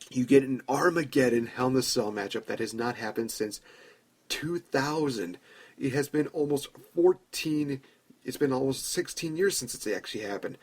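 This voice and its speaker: A man hosting a podcast, telling a long story in a chatty way and acting out imagined dialogue. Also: mid-range voice. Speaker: podcast host. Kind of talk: casual fantasy-booking commentary.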